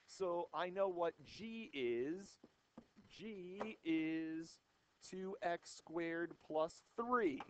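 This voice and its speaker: A man's voice: high voice, animated, very slow, slight background noise. A young male math teacher giving a jokey, playful lecture to a classroom of students on an old microphone. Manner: playful, wisecracking, theatrical.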